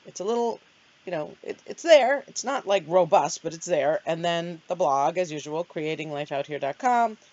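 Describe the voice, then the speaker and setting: A woman's voice: fairly low pitch, expressive, moderate pace, a little mellow, dry recording. A middle-aged woman hosting her own vlog, chatting casually and rambling in a self-deprecating way. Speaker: vlogger host. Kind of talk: casual chat. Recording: dull lo-fi sound.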